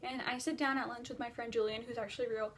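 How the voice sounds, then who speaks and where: High-voiced teen girl rambling with constant "like". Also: quick pace, slight background noise. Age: teens. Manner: rambling, filler-heavy, says "like" constantly; breathless and animated while retelling a dream. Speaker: vlogger. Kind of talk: casual storytime chat.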